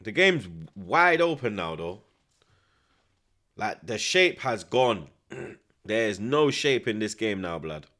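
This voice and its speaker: A man's voice: fairly low pitch, slow pace. A young man, chatting casually in street slang and reacting live to a football match. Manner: animated, street slang, frequent tag questions. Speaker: streamer.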